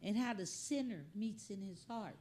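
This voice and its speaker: A woman hosting a comedy reaction show, riffing on clips in an animated, joking, slangy way. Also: medium pitch, normal speed, a little hiss or hum.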